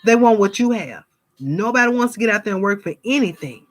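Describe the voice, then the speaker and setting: A fervent woman with a lilt delivers a casual spiritual sermon to her viewers. She talks straight at them in a mid-pitched voice, calling them y'all. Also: expressive, fairly quick. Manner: fervent, addresses viewers as y'all, mimics gossip. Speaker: spiritual vlogger. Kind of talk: casual preaching monologue to viewers.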